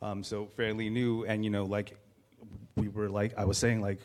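Animated man in his thirties, low-pitched. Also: moderate pace. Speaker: guest sharing a personal story. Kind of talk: candid personal storytelling.

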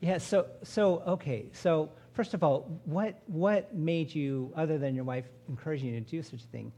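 A man hosting a live interview in an earnest, encouraging way with halting phrasing. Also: a little high, dark tone, breathy edge. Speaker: men's group member hosting the interview.

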